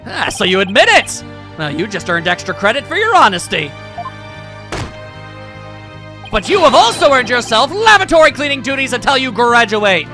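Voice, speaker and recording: A man voicing a pompous, indignant middle-aged male teacher who shouts and blusters, with game music behind. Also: very high voice, very animated, fairly quick, voice pushed up.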